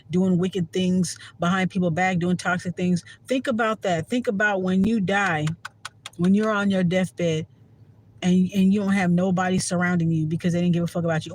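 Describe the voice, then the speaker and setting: High-voiced man ranting candidly. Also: a little hiss or hum, low-quality recording. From Washington DC area. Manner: candid, profane, rambling with frequent fillers. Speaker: spiritual vlogger. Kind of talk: casual monologue to camera.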